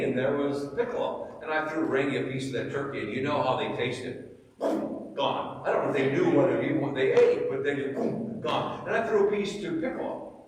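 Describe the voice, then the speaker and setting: A middle-aged man teaching Sunday school, telling animated stories and quizzing his class. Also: mid-range voice. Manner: animated storytelling, asks the class questions. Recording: echoey church hall, mic far away.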